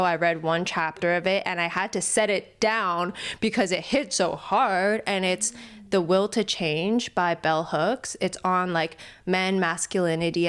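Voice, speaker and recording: A woman's voice: lowish voice, smooth. A woman guest on a podcast, talking casually and reflectively, laughing often and speeding up when she retells a story. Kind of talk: casual chat.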